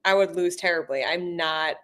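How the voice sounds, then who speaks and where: A woman's voice: lowish voice, normal speed, a bit bright. Joking young woman podcast guest. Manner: joking, rambling with lots of "like". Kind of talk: casual chat.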